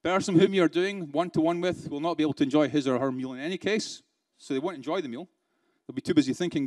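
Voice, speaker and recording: A man's voice: a little high, fast talker, few pauses, darkish tone, dry recording. A man with a British accent giving a live keynote at a conference, talking conversationally with rhetorical questions and dry sarcasm. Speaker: keynote speaker. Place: conference room.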